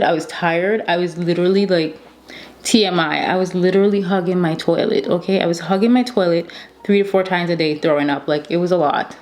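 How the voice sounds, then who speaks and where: Chatty woman in her thirties, slightly low voice. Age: 30s. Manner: chatty, animated storytelling with repeated emphasis. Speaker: beauty vlogger. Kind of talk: casual chat to camera.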